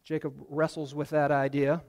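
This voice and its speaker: A man preaching a sermon, retelling a story in a casual, animated way with asides to his listeners. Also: fairly high pitch, normal speed, long reverb tail. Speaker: pastor.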